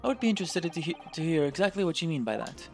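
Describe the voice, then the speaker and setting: A man's voice: a little high, very animated, racing, darkish tone, faint music behind, pitched above the performer's own voice. A man voicing a composed aristocratic British lord in a game let's play, speaking formally with a British accent. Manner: formal, clipped, stately.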